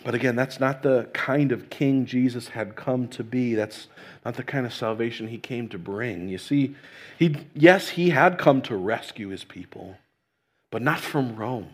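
A man's voice: mid-range voice, a little slow. A man preaching a sermon in a conversational way, often restarting phrases and checking in with "right?". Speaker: pastor.

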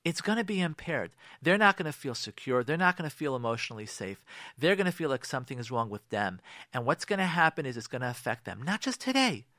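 A man's voice: medium pitch, big pitch swings, fast talker, bright, forceful tone, no room sound, clean studio sound. A man speaking as a rabbi on a radio talk show, giving emphatic marriage advice with repeated rhetorical questions and frequent restarts.

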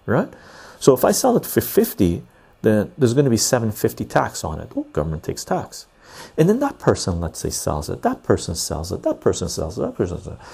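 A man with a gravelly, husky voice rants through a casual podcast stream. He swears freely and keeps checking in with a "right?" His pitch swings widely, and the tone stays dark and mellow. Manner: ranting, profane, keeps asking "right?". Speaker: podcast host. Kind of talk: casual live-stream rant.

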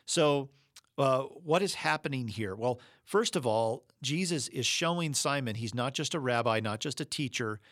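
A man preaching in an easy, conversational way, pressing his points with emphasis between frequent ums and restarts. His voice sits at a middling pitch, and the recording is dry with no room echo. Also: animated, normal speed, a bit bright. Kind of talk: sermon-style Bible teaching.

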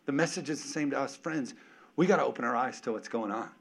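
A man preaching a sermon as pastor, emphatic and animated, calling out to the congregation with casual, joking asides. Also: medium pitch, quick pace, vocal fry.

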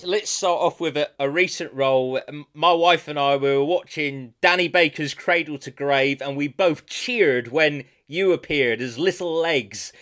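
Male podcast host, slightly high-pitched, enthusiastic interviewer. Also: a little slow, hardly any pauses, a bit bright.

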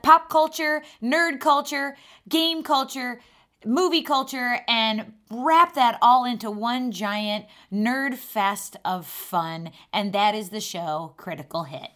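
A woman's voice: fairly high pitch, takes it slowly, sharp tone. A woman co-hosting a podcast, playful and enthusiastic as she plugs a show. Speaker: podcast co-host promoting shows. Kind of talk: casual chat.

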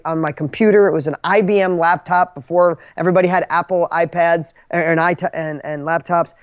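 An emphatic man tells his own story as a guest author, animated and full of restarts. The sound is dry and close, with no room around it. The audio is muffled and dull. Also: fairly high pitch, no echo. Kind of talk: conversational storytelling.

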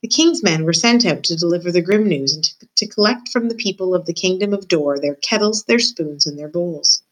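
A woman's voice: lowish voice, a little fast, rough recording. A woman student reading a children's novel aloud, speaking to the reader directly.

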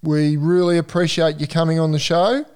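A man's voice: fairly high pitch, flat delivery, moderate pace, darkish tone, clear, resonant tone. An Australian man hosting a podcast, asking questions in a friendly, easygoing way. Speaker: podcast host. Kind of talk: casual chat.

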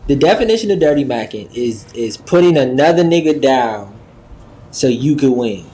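A man co-hosting a podcast, with an airy voice and animated storytelling. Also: medium pitch, moderate pace, a little hiss or hum. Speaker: podcast co-host. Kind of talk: casual chat.

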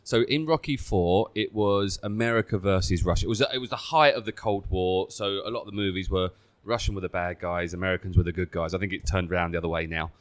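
A man's voice: low voice, fast, hardly any pauses, dry recording. A man hosting a podcast, chatting casually and telling stories in a rambling way. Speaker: podcast host. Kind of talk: casual chat.

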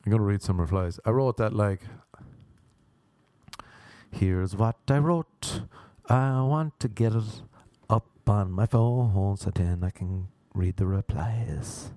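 A man's voice: on the low side, slow, dark tone, no room sound. A young man doing a stand-up monologue, rambling and mocking, often slipping into silly put-on voices. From Ireland. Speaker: stand-up comedian. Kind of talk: comedic monologue.

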